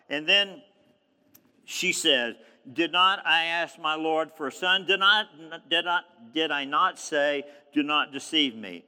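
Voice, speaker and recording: A man's voice: on the high side, measured pace, sharp tone, smooth, in a large hall. A man preaching a sermon, reading scripture and retelling it in a conversational, emphatic way. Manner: conversational, emphatic, acts out quoted speech.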